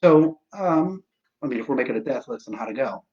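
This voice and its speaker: A man's voice: mid-range voice, expressive, brisk, warm tone, lo-fi sound. Rambling, profane man in his forties. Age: 40s. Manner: rambling and profane, with restarts and self-deprecating asides. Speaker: host of a live stream. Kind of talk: casual live-stream storytelling.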